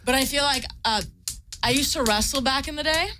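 A woman's voice: high voice, brisk, music in the background. A woman guest in a casual chat, cheerful and giggly.

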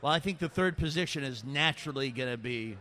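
A man's voice: mid-range voice, fast, sharp tone. A man co-hosting a live radio show at a casino event, making wry, mock-serious rulings.

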